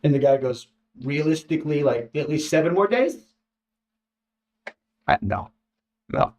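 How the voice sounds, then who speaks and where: A man telling a personal story in a casual, halting way, repeating words and acting out what others said. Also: mid-range voice. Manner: halting, repeats words, lively quoting voices. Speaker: former contestant telling his story.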